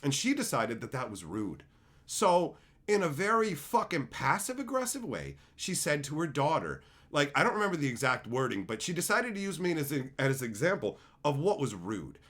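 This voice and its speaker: A man's voice: fairly high pitch, wildly swooping pitch, normal speed, a bit bright. A man hosting a livestream who talks bluntly and with lots of profanity, telling combative stories. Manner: acts out quotes with big swings in voice. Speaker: streamer and show host. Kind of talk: casual rant on a livestream.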